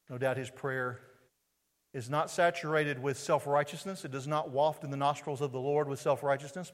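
A male pastor with a Southern US accent preaching a sermon in a church sanctuary, quizzing his congregation with rhetorical questions through a body-worn mic. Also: medium pitch. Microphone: wearing a mic on his body. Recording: long hall reverb.

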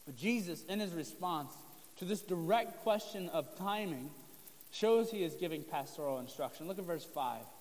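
A man's voice: fairly high pitch, animated, normal speed. A man preaching a sermon to his congregation in a casual, conversational way, with joking asides. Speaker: pastor. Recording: long reverb of a hall.

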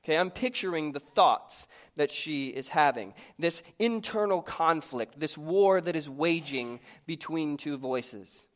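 A man in his thirties, a pastor, telling a personal story in a sermon in a lively, conversational, self-mocking way. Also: on the high side, unhurried, hardly any pauses.

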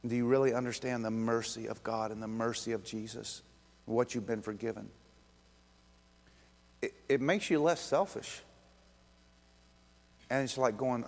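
A pastor, a man, preaches in a loose, conversational way, slipping into quoted voices. His voice sits at an ordinary middle pitch. The sound carries a long reverb from the church hall. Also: measured pace, pauses often. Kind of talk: sermon.

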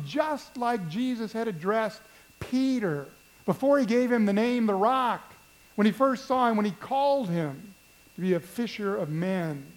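A man's voice: sits high, animated, unhurried, rough recording. A man preaching a sermon, telling a story in a conversational way and asking the congregation questions. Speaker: pastor.

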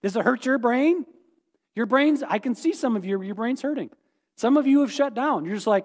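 Sex: man. Role: pastor. Style: sermon. Pitch: very high for a man. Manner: animated, playful, questioning the congregation. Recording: echoey hall reverb. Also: moderate pace. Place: church sanctuary.

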